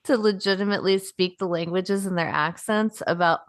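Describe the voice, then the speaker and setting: A woman's voice: mid-range voice, fairly even intonation, normal speed, no room sound, clean studio sound. A young adult woman co-hosting a podcast in a casual chat, rambling, laughing often and swearing in passing. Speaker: podcast co-host.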